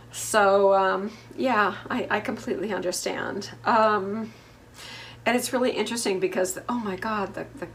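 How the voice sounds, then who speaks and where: A woman's voice: medium pitch, fairly bright tone, slight background noise. A middle-aged woman from the United States hosting a casual TV recap, chatty and opinionated with lots of fillers. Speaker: host.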